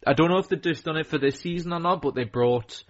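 A man's voice: a little high, quick pace. A man chatting casually as a co-host, rambling with many restarts. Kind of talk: casual chat. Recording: dull lo-fi recording.

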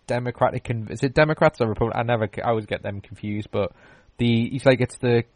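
A man's voice: mid-range voice, quick pace, no room sound. A man in casual chat, telling a long story with many fillers and restarts.

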